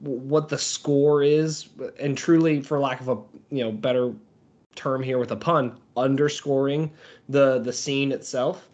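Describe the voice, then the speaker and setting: A man's voice: mid-range voice, fairly even intonation, measured pace, a little mellow. A man co-hosting a podcast, telling stories in a wry, jokey way. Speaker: podcast co-host. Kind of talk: casual chat. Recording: dull lo-fi audio.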